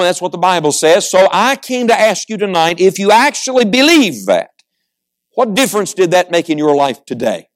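A middle-aged male pastor preaching a sermon, reading scripture slowly and then pressing his points with rising intensity. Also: high-pitched, lively intonation.

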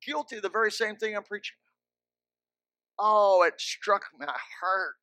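Through a handheld or stand mic, close and dry with no room sound, a pastor in a church fires off repeated emphatic commands broken up by joking asides. He speaks at a moderate pace in a high, bright, cutting voice that is clear and resonant.

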